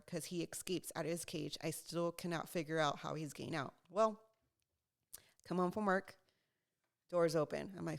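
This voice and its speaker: A young woman co-hosts a casual podcast and tells a funny story with plenty of energy, slipping into quoted voices and laughing along. Her voice is smooth and clear and sits a little low for a woman. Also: moderate pace. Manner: animated, laughing, acts out quotes. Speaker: podcast co-host.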